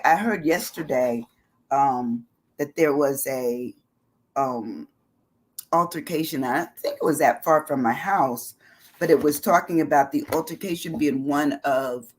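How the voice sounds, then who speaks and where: A middle-aged woman hosting a motivational live-stream talk, chatty, laughing easily and repeating phrases for emphasis. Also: low-pitched. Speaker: host.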